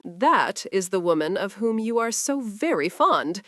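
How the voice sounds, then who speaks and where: A woman's voice: medium pitch, sing-song, a little slow, fairly bright tone, no room sound, studio quality. A woman voicing a clever young noble bride who speaks mildly but pointedly. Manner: mild yet pointed.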